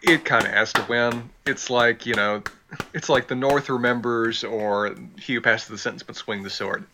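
A man's voice: mid-range voice, fairly even intonation, moderate pace, background noise. A man co-hosting a podcast in casual chat, reading quotes aloud with relish and chuckling often. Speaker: podcast co-host.

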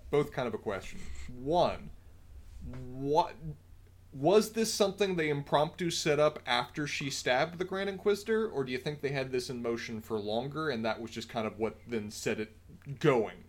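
A man co-hosting a casual review podcast, easygoing and quick to agree, musing through his points. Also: mid-range voice, lively intonation. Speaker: podcast co-host.

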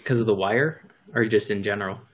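Low-voiced man in casual chat. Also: brisk. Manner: relaxed, rambling with fillers.

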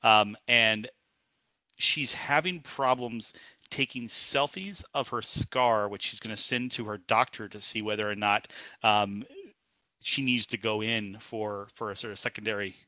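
Man, low and very bright voice, dry close sound, halting casual talk. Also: steady tone, no room sound, lo-fi sound. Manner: hesitant, many fillers and repeats. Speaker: podcast co-host. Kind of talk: casual chat.

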